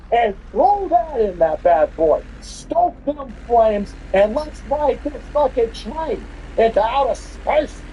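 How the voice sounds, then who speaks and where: A man's voice: extremely high pitch, mellow, husky, rough recording. A man hosting a podcast, delivering an angry, profane, mocking political rant. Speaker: podcast host.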